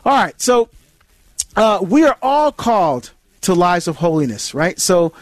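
A man's voice: sits high, big pitch swings, measured pace, no echo. A male Catholic radio host talking earnestly on a call-in show, with many restarts and acted-out challengers. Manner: earnest, repetitive restarts, acts out challengers' voices. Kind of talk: call-in radio talk on faith.

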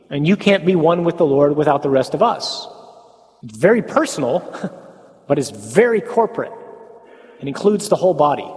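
A man's voice: a little high, darkish tone. Man teaching in a reverberant church hall. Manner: asks the audience rhetorical questions, tags lines with "huh?"; folksy humorous asides. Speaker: speaker at a parish talk on the Mass. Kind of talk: conversational teaching talk.

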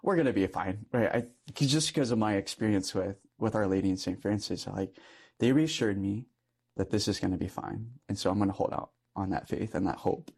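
A man's voice: on the low side, fairly quick, darkish tone, husky. A young man, a Catholic priest, telling a personal story in earnest conversation and laughing often. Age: young adult.

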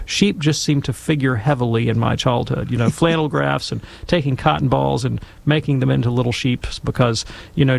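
In a Catholic discussion, a middle-aged man shares a wry anecdote that pokes fun at himself before moving into theological commentary. His voice is medium-pitched and gravelly.

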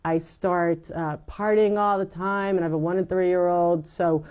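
A middle-aged woman giving her personal testimony in an interview, animated and acting out what people said. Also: lowish voice, moderate pace, clear, resonant tone. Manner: animated storytelling, acts out quoted lines. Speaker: guest telling her faith story.

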